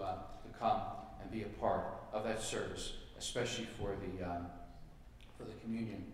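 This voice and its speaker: A man's voice: fairly low pitch, slight background noise. A man speaking as a pastor, making folksy conversational announcements in a church service with frequent fillers. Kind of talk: sermon with announcements. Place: church sanctuary. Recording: echoey hall, mic far off.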